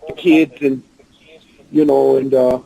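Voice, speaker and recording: A man's voice: medium pitch, little pitch movement, takes it slowly, gravelly, warm tone, highs cut off. An older man with a Russian accent speaking broken English as an interview guest, often talking about himself in the third person. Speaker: guest, pro wrestler. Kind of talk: casual interview talk.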